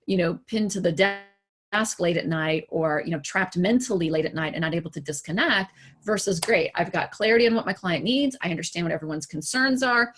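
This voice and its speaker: A woman coach speaking straight to the camera in a motivational talk, her voice slightly husky and breathy. She talks in an animated, conversational way, throwing rhetorical questions at the listener and briefly acting out quoted remarks in livelier voices. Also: lowish voice, brisk. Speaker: executive coach.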